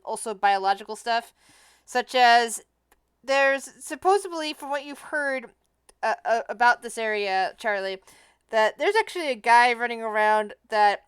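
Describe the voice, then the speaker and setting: A woman's voice: fairly high pitch, a bit bright, clean tone, dry recording. A woman running a tabletop game as game master, thinking aloud as she narrates and often restarting her sentences.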